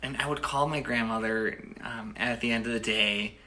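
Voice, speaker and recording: A man's voice: mid-range voice, steady tone, normal speed, sharp tone, slight background noise. A man in his thirties from the United States, telling a personal story casually, rambling with many restarts and "you know"s. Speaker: storyteller and host.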